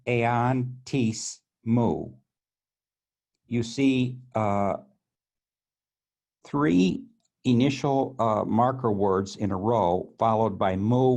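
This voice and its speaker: A man's voice: mid-range voice, darkish tone. A man teaching Greek grammar, walking methodically through tables on screen and often restarting his phrases.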